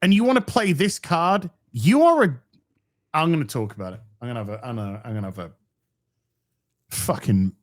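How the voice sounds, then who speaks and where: Heated, animated male stream guest. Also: medium pitch, a little fast, long pauses, no room sound, clean studio sound. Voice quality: heated, swearing, emphatic. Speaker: guest commentator. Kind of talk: casual live stream chat.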